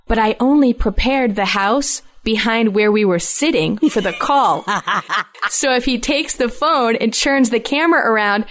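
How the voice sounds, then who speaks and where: A woman's voice: on the high side, moderate pace. Middle-aged woman chatting, laughs a lot, does little voices in her stories. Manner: animated storyteller, laughs often, acts out quoted voices. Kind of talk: casual chat.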